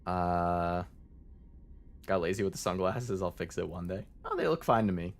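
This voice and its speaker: A man's voice: low voice, lively intonation, normal speed. A man streaming as a VTuber, chatting casually and rambling as he answers his chat, with many fillers.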